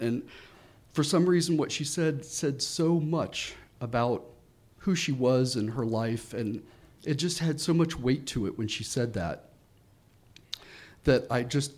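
A man telling a first-person story in an animated way, with laughing asides and acted-out moments of panic. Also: medium pitch, unhurried.

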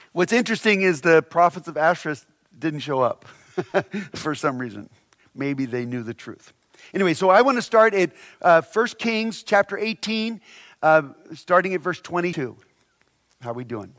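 A man's voice: high voice, expressive, a little slow, long pauses, fairly bright tone. A pastor preaching a casual sermon. He reads scripture aloud and keeps asking "right?" between wry asides. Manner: conversational, asks "right?" often, adds wry asides.

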